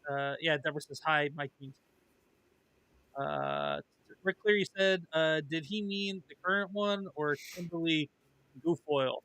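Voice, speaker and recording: A man's voice: on the high side, very animated, unhurried, bright, forceful tone, dry recording. A man co-hosting a casual live stream, reading viewer comments aloud and laughing often. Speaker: stream co-host reading chat.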